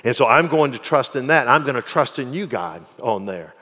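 A middle-aged man preaching a sermon in a conversational style, with soft asides and emphatic repetition. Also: mid-range voice, animated, normal speed, in a large hall. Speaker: pastor.

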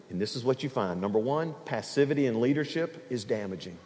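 A man preaching an expository sermon, acting out dialogue and swinging between loud and soft. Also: mid-range voice. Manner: animated, acts out dialogue, varies loudness. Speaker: pastor. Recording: long hall reverb.

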